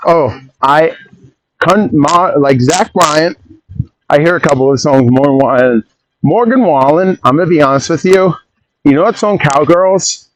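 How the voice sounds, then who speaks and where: A man hosting a podcast in a casual rambling monologue, opinionated and quick to jump off on tangents and interrupt himself. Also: fairly high pitch, noisy background. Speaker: podcast host.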